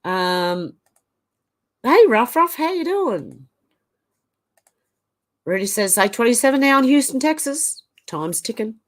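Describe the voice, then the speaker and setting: A woman's voice: fairly high pitch, big pitch swings, slow pace, pauses often. Australian woman reading live chat aloud. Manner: reads viewer comments aloud and reacts, chatty with fillers. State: getting over the flu, coughing. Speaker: live stream host.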